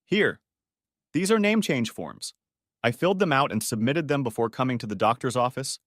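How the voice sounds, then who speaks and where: A man's voice: mid-range voice, animated, moderate pace, fairly bright tone, no room sound, studio quality. A man voicing a distraught young adult daughter, tearful and pleading with her father. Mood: cold, tired.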